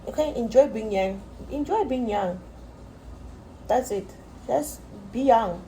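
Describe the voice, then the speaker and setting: A woman's voice: mid-range voice, mellow, a little hiss or hum, rough recording. A young woman from South Africa rants straight to her viewers, repeating herself, restarting sentences and calling them guys. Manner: repetitive, addresses viewers as guys, many likes and restarts. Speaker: vlogger. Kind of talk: frustrated direct-to-camera rant.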